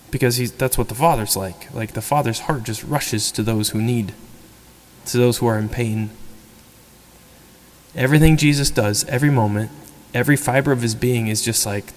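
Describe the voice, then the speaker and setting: A male priest giving a sermon in a casual, conversational tone. He acts out the people he quotes with animated energy, and his voice has a middle pitch. The church adds a long, lingering reverb to every phrase. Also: moderate pace.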